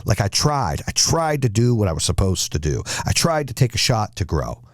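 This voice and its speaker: A podcast host gives a forceful motivational talk, hammering home short repeated phrases. His low voice rises and falls widely, and the recording is dry and close. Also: big pitch swings, normal speed, no echo. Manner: emphatic and exhorting, with punchy repeated phrases. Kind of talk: motivational monologue.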